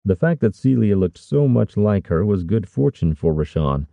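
Guy putting on a wry plotting old lord, gravelly and low, dull dry sound. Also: sing-song, moderate pace, mellow, no room sound. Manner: scoffing, wry, conspiratorial. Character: sly scheming older male lord, amused.

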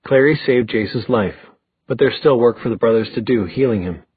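A man with a husky voice playing a steady, tired middle-aged man who speaks firmly and measuredly. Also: mid-range voice, dry recording. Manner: firm, measured. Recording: tinny phone-like dry recording.

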